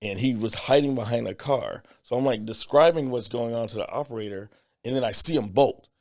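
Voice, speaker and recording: A man tells a story on a podcast, slipping into quoted voices along the way. His voice is gravelly, with a rough fry at the bottom of his words. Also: medium pitch, fairly quick. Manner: animated storyteller, acts out quotes. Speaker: podcast co-host. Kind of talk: casual chat.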